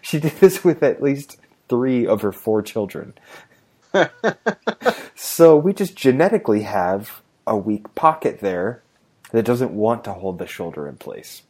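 Low-voiced, easygoing man chatting. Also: animated, unhurried, darkish tone, breathy edge. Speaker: podcast co-host. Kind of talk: casual chat.

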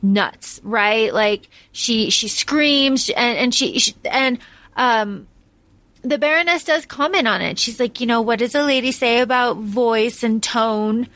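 A woman's voice: fairly high pitch, a little slow, a bit bright, no room sound. A woman co-hosting a podcast, chatting casually about a film, emphatic and swearing freely with lots of restarts. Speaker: podcast co-host. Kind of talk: casual film-discussion chat.

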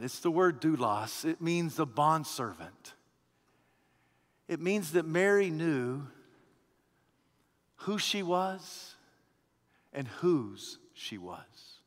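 A man preaching a sermon, calling his listeners friend and swinging between loud rising exhortation and hushed, low reflection. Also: animated, slow, long reverb tail. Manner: addresses listeners as friend, repeats phrases.

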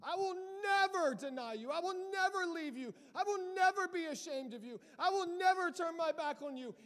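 A man voicing a devout male disciple who makes fervent, loud vows of loyalty. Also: very high voice, lively intonation, normal speed, voice pushed up. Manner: fervent, emphatic declarations. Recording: long hall reverb.

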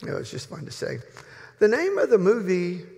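A man in his sixties, a pastor, giving a sermon as humorous, folksy storytelling with long pauses. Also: high voice, huge pitch swings, vocal fry, a little mellow. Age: 60s. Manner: folksy, joking, drawn-out pauses. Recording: reverberant hall.

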